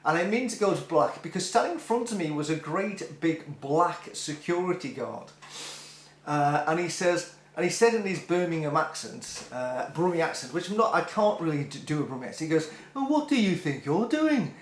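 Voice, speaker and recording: A man's voice: fairly high pitch, lively intonation, normal speed, echoey room. A middle-aged man telling a rambling, self-deprecating concert story with many restarts. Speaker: music vlogger. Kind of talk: casual storytelling.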